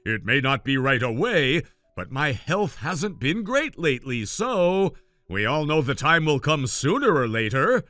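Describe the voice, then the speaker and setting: A man voicing an ailing father who speaks gently and pleads with his son. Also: fairly high pitch, big pitch swings, a little slow, no room sound, exaggerated voice. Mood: pleading. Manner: soft-spoken, pleading. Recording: dry, faint music behind.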